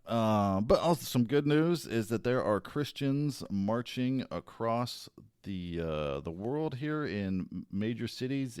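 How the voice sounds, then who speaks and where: A man hosting his own show, talking casually in a rambling, halting way with restarts. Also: medium pitch, darkish tone, clean tone, no room sound, studio quality. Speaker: podcast host. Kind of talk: casual solo commentary.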